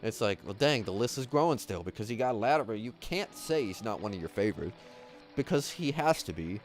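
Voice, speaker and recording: A man hosting a livestream, chatting casually as he watches skate clips, rambling with many fillers and excited outbursts. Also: lowish voice, brisk, faint music behind. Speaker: livestream host.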